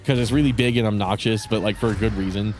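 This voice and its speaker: A young man rambling casually as he streams a game, profane and relaxed, restarting his sentences. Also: lowish voice, fast, a little hiss or hum. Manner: rambling, profane, laid-back. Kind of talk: casual gaming commentary.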